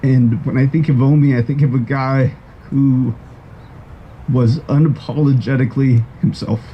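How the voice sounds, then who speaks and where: A man giving a measured, reflective eulogy for a friend at a graveside. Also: medium pitch, fairly even intonation, highs cut off, slight background noise. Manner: measured and reflective, with a few restarts. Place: outdoors at a graveside.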